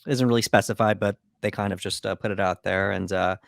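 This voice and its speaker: Guy walking through a movie plot slowly, lots of uhs, dry sound. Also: fairly low pitch, fairly even intonation, gravelly, dry recording. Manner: measured recapping with fillers like uh and um. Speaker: podcast co-host. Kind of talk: casual movie recap.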